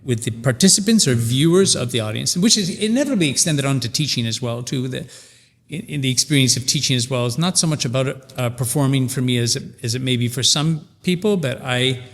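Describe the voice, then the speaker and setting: An older man hosting a podcast conversation, his voice sitting at a middle pitch. He thinks aloud, circling back and restarting phrases as he works out his point. A long reverb trails behind his words. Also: brisk. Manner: thoughtful, searching, many restarts. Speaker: podcast host. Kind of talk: casual conversational interview.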